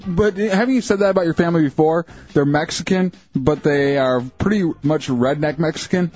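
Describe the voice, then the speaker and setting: A man's voice: fairly high pitch, moderate pace, darkish tone, dull audio, soft background music. A man co-hosting a radio show, firing teasing questions and jokes in casual banter. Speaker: radio co-host.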